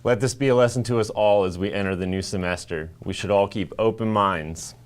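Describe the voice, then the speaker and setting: A man's voice: lowish voice, brisk, smooth. A teenage male student news co-anchor playing the polite, exasperated straight man in scripted banter.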